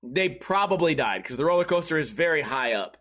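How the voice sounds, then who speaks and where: A man with a rather high voice tells crude, profanity-laced stories as a podcast host. He rambles from one bit to the next, laughs at his own jokes, and jumps into the voices of the people in his stories. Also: big pitch swings, fairly quick, a bit bright. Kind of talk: comedic storytelling monologue.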